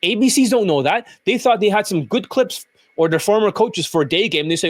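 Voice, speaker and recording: A male dating coach rants bluntly and combatively, swearing freely as he picks apart clips. His voice sits on the higher side for a man. The sound is close and dry, with no room around it. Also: expressive, a little fast, no echo. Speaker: dating coach and channel host. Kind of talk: ranting commentary over clips.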